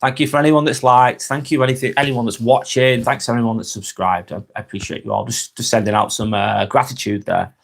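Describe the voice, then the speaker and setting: Northern English man, Lancashire accent, mid-pitched, casual live-stream host, chilled and chatty, tails off at line ends. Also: steady tone, fairly quick, vocal fry, few pauses. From Northwest England. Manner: laid-back and friendly, trails off quietly at phrase ends, stumbles over words. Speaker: vlogger hosting a live stream. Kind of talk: relaxed live chat, reading out comments.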